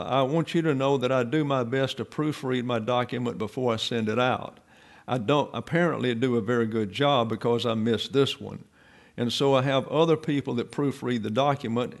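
A middle-aged man giving a verse-by-verse Bible lesson in a scholarly way, with dry asides and frequent fillers. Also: mid-range voice. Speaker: Bible teacher.

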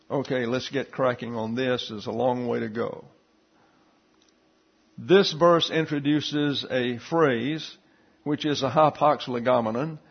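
Explaining Greek letters and a verse to a Bible class, a man speaks slowly and steadily with frequent fillers. His medium-pitched voice is gravelly and slightly rough, and the sound is lo-fi.

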